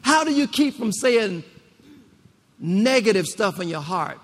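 A man with a high-sitting voice delivers a rousing sermon in church, with big swings in pitch and an unhurried pace. He repeats phrases and calls on the congregation to respond, and the hall's long reverb trails behind him.

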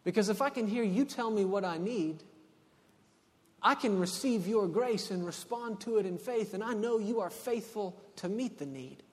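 A man from Texas preaching a sermon, swinging between hushed passages and loud, emphatic ones. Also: sits high, lively intonation, normal speed. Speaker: pastor. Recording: long hall reverb.

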